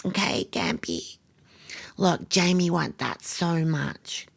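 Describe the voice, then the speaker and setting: A man's voice: on the high side, big pitch swings, slow pace, creaky, fairly bright tone, slightly rough, heavily acted. A man playing Ja'mie, bratty Australian girl. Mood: wheedling. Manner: valley-girl drawl, filler likes, crude swearing. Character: spoiled bratty young woman about to turn 21. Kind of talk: comedic vlog monologue.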